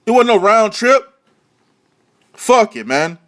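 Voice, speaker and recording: A man's voice: sits high, very animated, slow pace, fairly bright tone. A man rants about boxing, swearing freely. He mocks and repeats himself in a heated, scornful vlog delivery. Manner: heated, mocking, repetitive. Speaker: boxing vlogger. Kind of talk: profane ranting commentary.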